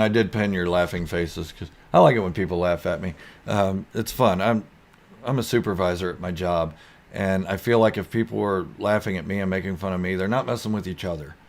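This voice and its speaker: A man with a low voice hosts a laid-back live stream, reading viewer comments aloud and rambling through them in a goofy, easygoing way.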